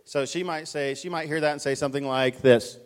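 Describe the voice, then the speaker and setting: A man's voice: fairly high pitch, steady tone, a little fast, clear, resonant tone. A man preaching a conversational, urgent sermon, directing volunteers on stage. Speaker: pastor. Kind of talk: live sermon with stage illustration. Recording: reverberant church hall.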